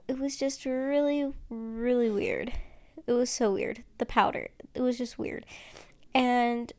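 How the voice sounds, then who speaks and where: A woman with a fairly high voice rambles through a nail tutorial at an unhurried pace. She sounds tired and keeps stopping for fillers and restarts. Her voice has a lot of vocal fry, recorded dry with no room sound. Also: steady tone, a little mellow, no echo. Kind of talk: casual tutorial chat while doing nails.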